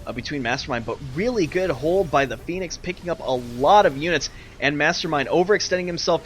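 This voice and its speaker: A young man casting a live online strategy game, ranting and exasperated, swinging between loud outbursts and muttered asides. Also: on the high side, lively intonation, quick pace, few pauses, a little hiss or hum. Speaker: game caster and streamer.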